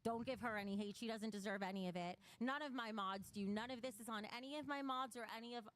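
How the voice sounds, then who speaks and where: On her livestream, a woman chats casually with viewers, emotional and blunt, swearing heavily as she reads chat donations. She speaks quickly in a high-leaning, slightly bright voice.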